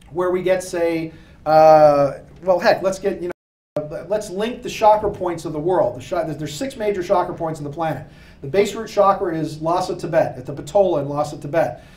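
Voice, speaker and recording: A man giving an animated, jokey, preacher-like talk to a live audience. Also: high voice, distant mic. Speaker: speaker giving a lecture. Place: room with an audience. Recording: echoey room, voice picked up from afar.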